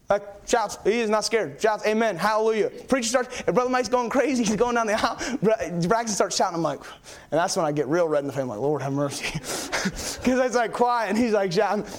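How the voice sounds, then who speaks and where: A young male preacher with a high-pitched voice gives a church sermon. He tells stories excitably and in a rambling fashion, using many fillers.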